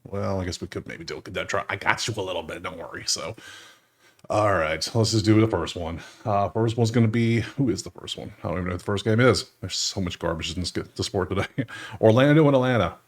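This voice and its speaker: A man with a fairly low voice hosts a sports betting channel in casual screen-share commentary. He talks loosely and jokes as he clicks through games. He chuckles often. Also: brisk.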